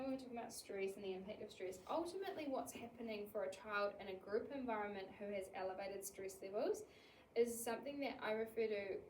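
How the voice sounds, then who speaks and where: A woman, an early childhood educator giving an animated talk on child care, acting out little scenes in quoted voices. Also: a little high, a little hiss or hum. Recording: echoey room, mic at a distance.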